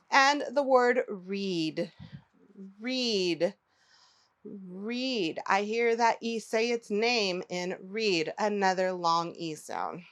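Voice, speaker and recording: A woman teaching phonics to young children, pronouncing each word slowly and clearly and inviting the listener to repeat it. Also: medium pitch. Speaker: early-learning teacher.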